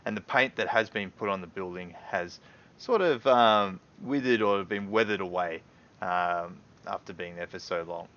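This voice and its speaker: A man's voice: deep voice, moderate pace, fairly bright tone, lo-fi sound. A man narrating as game master in a loose, casual way, full of fillers and hedging words.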